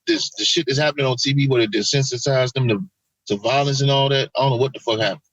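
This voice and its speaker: A man co-hosting a casual podcast chat, talking in an animated, profane way and acting out quotes. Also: medium pitch, fast talker, no echo, low-quality recording. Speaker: podcast co-host.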